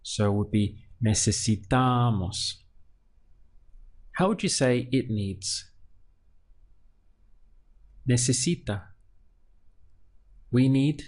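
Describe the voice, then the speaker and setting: A man teaching a Spanish lesson. He asks the listener a question, pauses, then gives the answer. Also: medium pitch, lively intonation, a little mellow. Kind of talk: slow, patient language lesson with drills.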